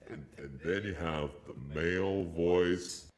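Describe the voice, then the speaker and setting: Give me a man using an extremely low pitch-shift filter, mock-suave and joking. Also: slow, slight background noise. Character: deep "male voice" preset of a mic voice changer. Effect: pitch-lowering voice changer.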